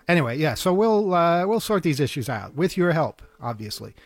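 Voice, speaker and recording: Radio co-host guy rambling thru a story, stammers and repeats, bit high voice, dry close sound. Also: very animated, moderate pace, dry recording. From New York State. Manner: rambling storyteller, repeats words, laughs often. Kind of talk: casual chat.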